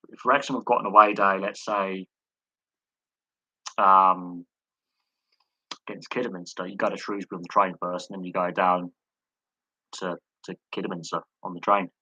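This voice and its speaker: A man's voice: deep voice, fairly even intonation, moderate pace, pauses often, pushed and bright, husky, no room sound, muffled recording. A man hosting a live sports chat stream, talking in a rambling way with many fillers and repeated words. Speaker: host.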